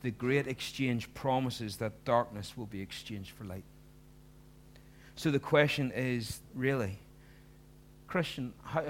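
A man's voice: medium pitch, slow pace, a little hiss or hum. A man preaching a sermon, earnest and pleading, pressing his listeners with emphatic questions.

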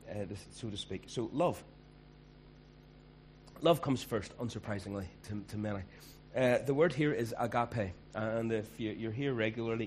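A man's voice: on the low side, darkish tone, slight background noise. Conversational male pastor preaching. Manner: conversational, emphatic. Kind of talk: sermon.

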